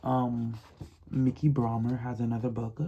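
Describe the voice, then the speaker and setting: A man's voice: medium pitch, completely flat delivery, a little slow, dull audio, noisy background. A man chatting casually in a reading vlog, emphatic and repetitive, often laughing and sometimes dropping to a whisper. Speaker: book vlogger.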